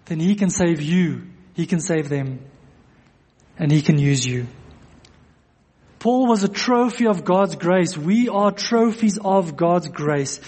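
A man's voice: high voice, darkish tone, breathy edge. A man preaching a sermon to a congregation, earnest, repeating phrases for emphasis. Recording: long echo of a church hall.

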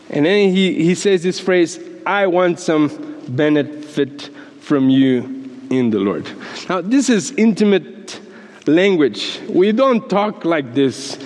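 A man preaching a sermon in an animated way, laughing as he acts out quotes and often repeating words. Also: high-pitched, slow. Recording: long hall reverb.

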